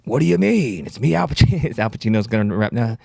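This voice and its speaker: A man doing a loud, exaggerated comic impression of a gruff older male film actor. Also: mid-range voice, expressive, quick pace, no room sound, clean studio sound. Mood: shouty.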